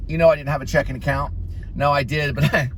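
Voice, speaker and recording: A man's voice: fairly high pitch, fairly even intonation, quick pace, fairly bright tone, a little hiss or hum. A man hosting a casual vlog, rambling through name-dropping anecdotes about actors. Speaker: vlog host, delivery runner.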